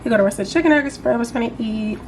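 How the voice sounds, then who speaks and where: A woman's voice: fairly high pitch, racing, slight background noise. A young woman chatting casually to camera as a vlogger at home, playful and laughing easily. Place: home, indoors.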